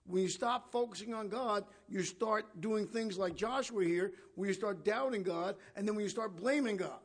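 A man's voice: high voice, moderate pace. A man giving conversational Bible teaching, questioning his listeners and paraphrasing scripture. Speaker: preacher.

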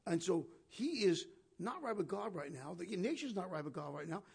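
A man's voice: sits high, big pitch swings, moderate pace, vocal fry, darkish tone, breathy edge. A man giving conversational Bible teaching, questioning his listeners and paraphrasing scripture. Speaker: preacher.

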